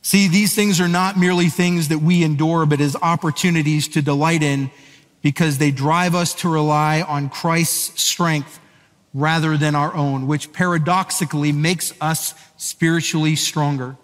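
Male pastor, conversational sermon delivery, slightly high voice. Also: steady tone, normal speed. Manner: conversational storytelling, asks the audience questions. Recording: echoey hall.

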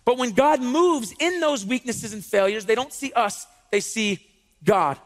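Speaking a little slowly, this thirty-something pastor keeps his sermon loose and lively, weaving in stories and asking his congregation rhetorical questions. His pitch is strikingly high for a man, and the sound lingers in a long reverb like that of a big church hall.

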